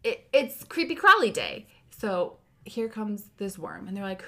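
A woman in her thirties telling a funny story in casual chat, acting out the quotes with an animated delivery. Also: mid-range voice, normal speed, few pauses. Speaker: podcast co-host.

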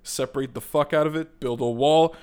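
A man's voice: fairly high pitch, steady tone, brisk, a little mellow, clear, resonant tone. Rambling, profane man. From Quebec, Canada. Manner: rambling and profane, many fillers and restarts. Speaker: podcast host. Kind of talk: casual opinion monologue.

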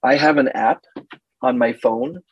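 A man's voice: medium pitch, measured pace, highs cut off, a little hiss or hum. A man in his fifties, a therapist, giving a teaching talk and animatedly acting out quoted exchanges. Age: 50s. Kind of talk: teaching talk with acted-out dialogues.

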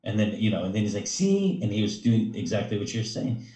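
Low-voiced rambling man in echoey room. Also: little pitch movement, fast talker, dark tone. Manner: rambling storyteller, many fillers, acts out quotes. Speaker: gymnastics coach, podcast co-host. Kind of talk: casual storytelling chat.

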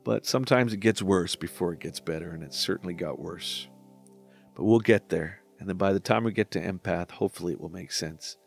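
A man in his forties with a somewhat low voice, reflecting on his own music in a relaxed podcast monologue. He is candid and self-deprecating and swears casually. Faint music plays underneath. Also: a little fast, gravelly. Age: 40s. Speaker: musician talking through his own albums.

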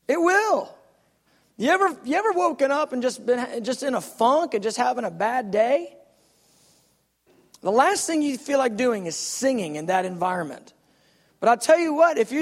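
A man's voice: extremely high pitch, in a large hall. A man preaching a sermon in a church, emphatic and repeating his phrases as he builds a point. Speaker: pastor. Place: church sanctuary.

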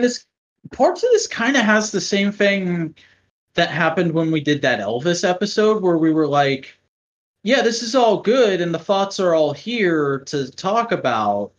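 A man hosting a casual podcast, talking loosely with plenty of swearing. His pitch swings widely and stays animated. The recording has a dull, lo-fi sound. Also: unhurried. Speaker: podcast host.

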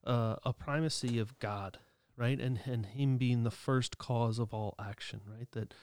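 A man's voice: mid-range voice, fairly even intonation, a little slow, darkish tone, smooth, dry recording, clean studio sound. Easygoing man musing on faith. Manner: conversational, many restarts and fillers, chuckling asides. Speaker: podcast co-host. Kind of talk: casual reflective commentary.

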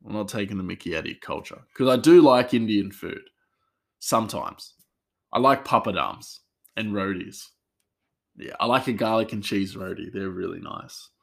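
Speaking at normal speed in a fairly low, creaky voice, this chef rambles through casual stories from work, often using fillers and starting over.

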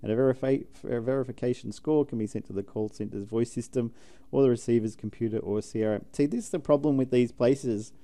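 A man's voice: mid-range voice, quick pace, dark tone. A middle-aged man co-hosting a tech podcast, reading news aloud with jokey asides. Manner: jokey, drops in silly sound effects.

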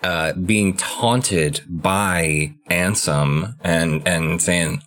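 Low-voiced excitable podcast co-host man. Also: very slow. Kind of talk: casual chat recapping a video game.

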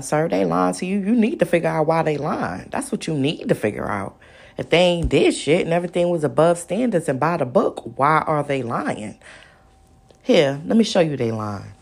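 A woman's voice: sits low, vocal fry, slightly rough. A woman, telling a story in a blunt, profane rant and acting out other people's lines. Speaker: podcast host.

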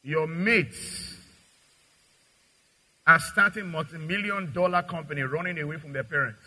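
A man preaches in a lively way, breaking into acted scenes between parents, children and customers. His voice is bright and cutting, pitched fairly high, with a husky edge. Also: measured pace, low-quality recording. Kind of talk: sermon with acted dialogue.

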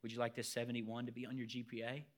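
Preacher voicing God as a patient, gentle teacher, quiet and slightly lower. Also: male voice, completely flat delivery, quick pace, close to an everyday voice. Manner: soft, hushed and patient.

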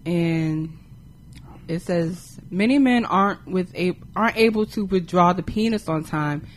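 Speaker reading facts aloud haltingly. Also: medium pitch, slight background noise. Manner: reads haltingly with pauses and fillers. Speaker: podcast guest reading myths. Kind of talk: reading aloud in casual chat.

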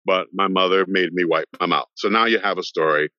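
A middle-aged man, an actor guest on a podcast, telling a long story in an animated way and acting out the voices of the people in it. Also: low-pitched, fairly quick, no room sound. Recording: dull lo-fi sound, dry.

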